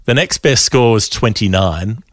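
A man's voice: lowish voice, lively intonation, measured pace, no room sound. An Australian man co-hosting a casual podcast, chatting with dry, jokey banter. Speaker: podcast co-host.

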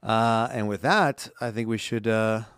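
A man's voice: lowish voice, a little slow, fairly bright tone, clean tone, dry recording, clean studio sound. A man co-hosting a holiday podcast in an easygoing, rambling way, with many fillers. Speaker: podcast co-host. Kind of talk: casual chat.

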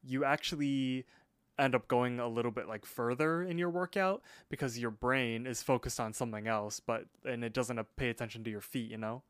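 A man talks through a cartoon episode in a loose, rambling podcast chat, laughing easily and leaning on filler words. His voice is smooth and clean, recorded close and very dry with no room sound. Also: medium pitch, fairly quick, dry recording. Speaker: podcast co-host.

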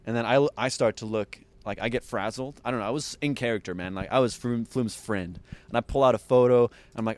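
A man tells a story on a podcast, swinging his voice up as he acts out what others said. He laughs often and keeps the pace moving, at an ordinary pitch for a man. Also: a little fast. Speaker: podcast guest. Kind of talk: animated storytelling.

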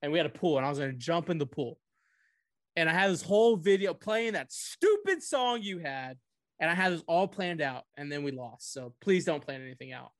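A man's voice: fairly high pitch, big pitch swings, fairly quick, dry recording, clean studio sound. Rambling, joking man from Houston. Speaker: podcast co-host. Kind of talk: casual sports chat.

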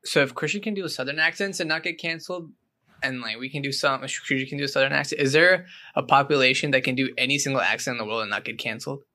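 A young man guesting on a podcast, throwing quick questions into the casual chat. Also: medium pitch, sharp tone.

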